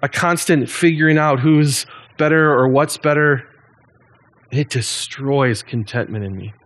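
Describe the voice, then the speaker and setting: A man in his thirties, a pastor giving a sermon in a relaxed, conversational way with frequent ums and restarts. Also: mid-range voice, a little slow.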